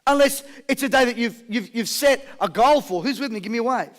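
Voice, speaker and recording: High-pitched, fired-up male seminar speaker. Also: brisk. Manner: energetic call-and-response with the crowd; jokey storytelling. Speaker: motivational speaker. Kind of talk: live seminar talk.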